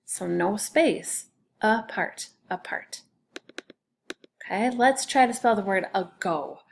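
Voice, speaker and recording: A woman's voice: medium pitch, expressive, takes it slowly, creaky, slight background noise. A woman teacher giving a recorded spelling lesson for children, patiently sounding out each word by syllable.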